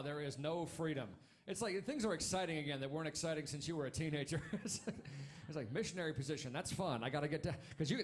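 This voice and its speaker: A thirtysomething comedian with a fairly high voice works through a stand-up routine at a club, delivering wry, punchy lines and firing off fast remarks to the audience.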